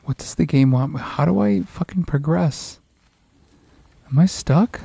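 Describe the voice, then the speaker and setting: A man's voice: fairly high pitch, a little slow, creaky, mellow, slightly rough, no room sound. A man giving profane, frustrated commentary while playing a video game. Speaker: gaming streamer. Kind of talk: casual let's play commentary.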